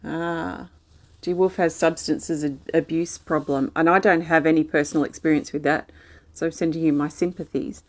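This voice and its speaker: A woman hosting a live healing stream, reading out viewers' comments and answering them in a gentle, soothing, reassuring way. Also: sits low, fairly even intonation, normal speed. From Australia.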